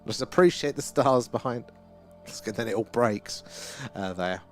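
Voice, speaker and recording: A chatty British man hosts a casual livestream, reading out viewer comments and laughing often. His mid-range voice moves at an unhurried pace, with faint music in the background.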